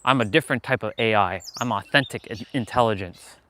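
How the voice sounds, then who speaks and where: A man's voice: on the low side, brisk, sharp tone, a little hiss or hum. A man live-streaming outdoors as he walks with a gimbal camera, talking candidly, with frequent swearing, in a motivational way. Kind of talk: casual live-stream talk while walking. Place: outdoors, walking. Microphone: handheld gimbal camera.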